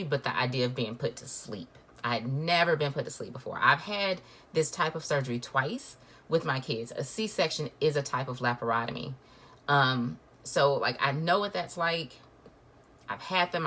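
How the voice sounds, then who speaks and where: A woman's voice: sits low, fairly bright tone. A woman, telling a personal story in a chatty, emotional way full of fillers. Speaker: vlogger.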